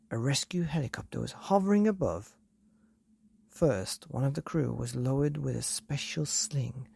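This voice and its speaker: A woman reading a bedtime story aloud in a calm, even way, with a gravelly, husky voice. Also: extremely low pitch, dry recording.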